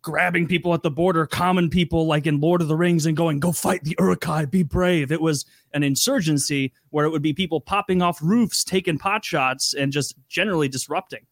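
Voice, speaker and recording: Joking man with a slightly high voice. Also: steady tone, a little fast, hardly any pauses, dry recording, studio quality. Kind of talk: casual podcast chat.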